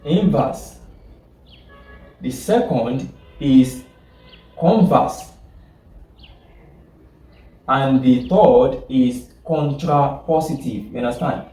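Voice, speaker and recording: A man's voice: mid-range voice, dark tone. A man teaching a logic class, repeating points, correcting himself mid-sentence and often asking whether his listeners follow. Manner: repetitive, keeps checking that listeners follow; halting, self-correcting explanations. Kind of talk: classroom lecture. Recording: echoey room, distant mic.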